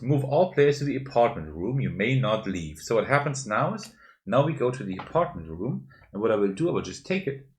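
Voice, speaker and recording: A man hosting a board game channel, talking through a solo tabletop playthrough and explaining each move step by step as he handles the pieces. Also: mid-range voice.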